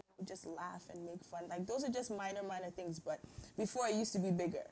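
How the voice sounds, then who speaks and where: Young woman talking about growing up, lowish voice, some hiss. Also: steady tone, brisk, a little mellow. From grew up abroad, Ghanaian parents. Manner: open, storytelling. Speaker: guest. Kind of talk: casual chat.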